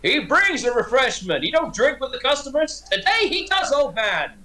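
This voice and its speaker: A man voicing an old male tavern keeper with a gruff, put-upon manner and an American accent. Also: extremely high pitch, sing-song, normal speed, background noise, voice pushed up. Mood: indignant.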